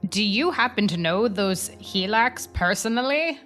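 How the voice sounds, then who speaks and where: A woman talking in character during a tabletop role-play, circling and searching for her words. Her delivery is slow and her tone bright, with soft music in the background. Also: mid-range voice, lively intonation. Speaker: player.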